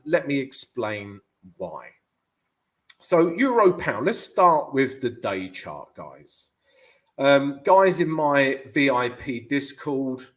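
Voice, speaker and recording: A chatty man with a London accent, speaking at a medium pitch. He hosts a live trading stream, greets viewers, and talks them through his chart analysis in a relaxed, conversational way. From United Kingdom. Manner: chatty, keeps calling viewers "guys".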